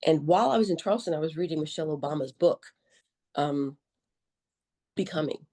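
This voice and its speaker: Mellow, lower-voiced woman telling stories. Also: fairly quick. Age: middle-aged. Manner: animated, joking, colloquial storyteller acting out her own quotes. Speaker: podcast guest, army veteran nurse. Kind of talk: conversational interview storytelling.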